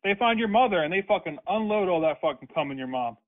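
A man's voice: high-pitched, animated, fast. Furious cursing man on a tinny phone. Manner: angry, profane, insulting rants. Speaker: prank call target.

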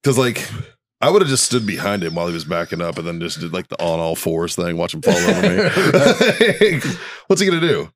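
Crude joking low-voiced man. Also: big pitch swings, normal speed. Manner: joking, crude, laughs often. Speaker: podcast co-host. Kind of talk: casual chat.

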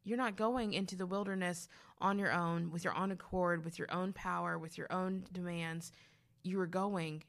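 A lower-pitched woman chats about faith with a co-host, telling animated stories and acting out voices as she goes. Her delivery swings between playful and earnest. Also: moderate pace, vocal fry. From grew up youngest of five. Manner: animated storytelling, acting out quotes. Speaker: podcast co-host. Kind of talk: casual faith talk.

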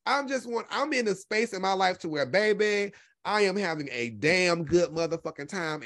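A man hosting a casual livestream delivers a loose, unscripted monologue to his chat. He is sassy and profane. His voice drops into a low, lazy drawl and then jumps to high, emphatic exclamations. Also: fairly bright tone. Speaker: host.

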